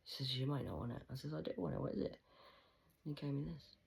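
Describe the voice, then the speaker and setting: A woman in a rambling monologue to camera, swearing often and swinging between loud outbursts and hushed whispers. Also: very deep voice, lively intonation, fast, vocal fry, poor audio.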